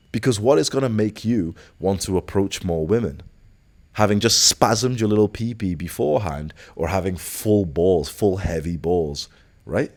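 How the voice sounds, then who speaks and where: A young man with a deep, low-pitched voice talks in a casual motivational monologue. He is blunt and profane, leaning on "like" as filler and firing off rhetorical questions. He speaks as a self-improvement coach lecturing his listeners. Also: a little mellow.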